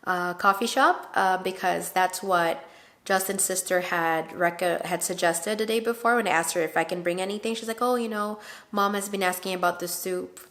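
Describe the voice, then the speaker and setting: Chatty woman vlogger telling a story. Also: lowish voice. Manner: chatty, animated, many fillers and quoted dialogue. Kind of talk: casual storytelling to camera.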